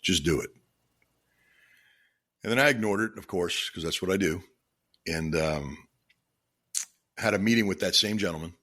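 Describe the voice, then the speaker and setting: A middle-aged man talks through a personal story on his solo podcast. His voice is very deep and husky. He speaks earnestly and from the heart, often restarting his sentences. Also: normal speed, long pauses, sharp tone. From Florida. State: choked up with emotion. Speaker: podcast host. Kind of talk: reflective solo podcast monologue.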